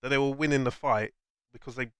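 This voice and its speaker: Young man, casual film chat, enthusiastic, run-on explaining, smooth clear voice, dry sound. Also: medium pitch, steady tone, fast talker, a bit bright, no echo. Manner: enthusiastic, explains ideas in long run-on chains. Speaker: co-host.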